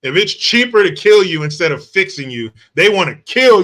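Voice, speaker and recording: A man's voice: sits high, very animated, normal speed, hardly any pauses, fairly bright tone. A man hosting a live stream from the United States, reacting to chat in a brash, mocking, profane way. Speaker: livestream host.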